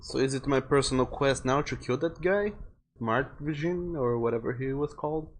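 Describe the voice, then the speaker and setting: A man's voice: medium pitch, normal speed. A young man livestreaming a game, chatting casually in a rambling way and reading viewers' messages aloud. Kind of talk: casual gaming commentary.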